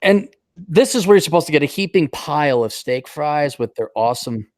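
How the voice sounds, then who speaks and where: A man hosting a casual podcast chat, ranting with lots of swearing and animated storytelling. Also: on the high side, fairly quick, no echo, clean studio sound. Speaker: podcast host.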